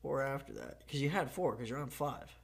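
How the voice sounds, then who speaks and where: Young man teasing in a lively voice. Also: medium pitch, brisk, vocal fry, husky. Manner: joking, swears a lot, teasing. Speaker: podcast host. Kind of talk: casual chat.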